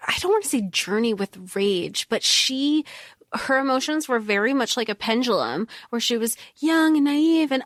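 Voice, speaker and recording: A woman's voice: on the high side, lively intonation, moderate pace, a bit bright, no echo, studio quality. A woman co-hosting a podcast in casual book chat, thinking aloud with many hedges. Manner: thoughtful, hedging, many fillers. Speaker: podcast co-host.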